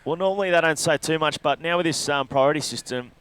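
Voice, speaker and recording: A man's voice: on the high side, quick pace, a bit bright, clear, resonant tone. A man giving loose, rambling live commentary on a surf contest, breaking down each ride. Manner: loose, rambling analysis with fillers.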